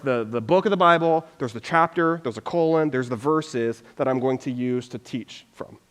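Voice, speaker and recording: Man, pastor, casual chatty sermon, fairly high voice, long hall reverb. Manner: chatty, lots of "like", acts out reactions.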